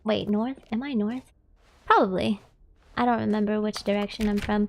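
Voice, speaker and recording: A woman's voice: a little high, normal speed, vocal fry, long pauses. A young American woman streaming a game, chatting casually with a giggly, talkative manner. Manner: giggly, chatty, laughs often. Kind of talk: casual live-stream chat.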